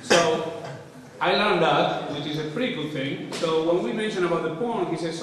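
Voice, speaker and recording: A man's voice: on the high side, normal speed, fairly bright tone, distant mic, slight background noise. A man giving an informal, irreverent architecture lecture, sometimes swearing, in a large lecture hall. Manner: casual, irreverent, occasionally swearing. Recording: echoey hall, voice from afar.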